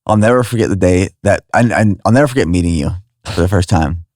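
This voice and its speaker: A man with a very deep voice hosts a podcast. He asks short questions and looks back on memories in a reflective way. His voice is dry and close to the mic. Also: quick pace, a little mellow, dry recording. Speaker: podcast host. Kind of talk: casual conversation.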